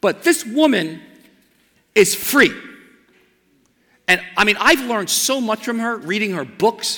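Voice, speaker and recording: A man preaching a sermon as pastor of his church. He builds to emphatic repeated lines, then drops to a soft, slow invitation. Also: high-pitched, lively intonation, soft background music. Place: church sanctuary. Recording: long church hall reverb.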